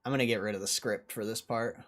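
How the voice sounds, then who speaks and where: A man's voice: on the low side, steady tone, fast, a bit bright. A young man streaming and chatting casually with himself, joking around and laughing often as he rehearses. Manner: joking, rambling self-talk with frequent laughs. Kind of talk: casual livestream chat.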